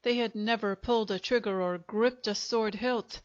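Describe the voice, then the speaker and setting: Reading a short story aloud, a female audiobook narrator uses her mid-range voice with calm, even pacing. The narration is scripted, and the recording sounds muffled and lo-fi.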